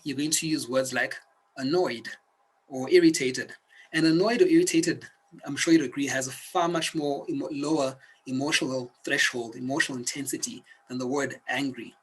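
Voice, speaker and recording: A man's voice: a little high, normal speed, a bit bright, breathy edge, low-quality recording. A man teaching a self-help video lesson, speaking earnestly and directly to the viewer like a coach. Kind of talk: instructional video talk.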